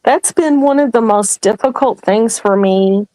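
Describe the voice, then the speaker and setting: A woman's voice: fairly high pitch, measured pace, dark tone, no room sound, low-quality recording. A woman speaking as a guest on an online panel, earnest and pleading, her voice close to tears as she defends her faith. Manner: earnest, pleading, tearful at times. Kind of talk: emotional call-in talk.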